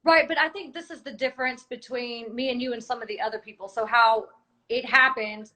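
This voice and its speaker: Bright insistent woman. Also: on the high side, steady tone, fairly quick, rough recording. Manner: insistent, explaining at length. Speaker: cast member. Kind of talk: heated conversation.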